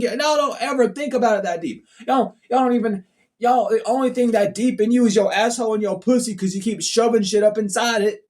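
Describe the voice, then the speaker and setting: Man with a fairly high voice, a spiritual reader who scolds his viewers bluntly and swears freely. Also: a little mellow. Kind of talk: casual monologue to viewers.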